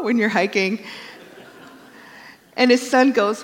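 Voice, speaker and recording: A woman's voice: medium pitch, expressive, unhurried, long reverb tail. A woman pastor giving a conversational sermon and telling stories with acted quotes.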